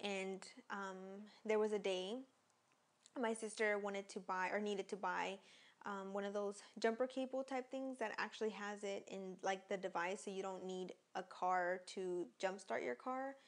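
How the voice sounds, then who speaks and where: A woman's voice: medium pitch, steady tone, measured pace. Young woman vlogger just chatting thru a personal story, rambly, lots of um and like. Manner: rambling, many fillers and restarts.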